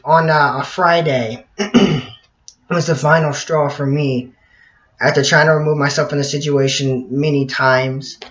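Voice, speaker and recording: A teenage boy telling a personal story to camera in a rambling way, with many fillers, often clearing his throat. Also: a little high, a bit bright. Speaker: vlogger. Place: bedroom at night. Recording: dull lo-fi audio.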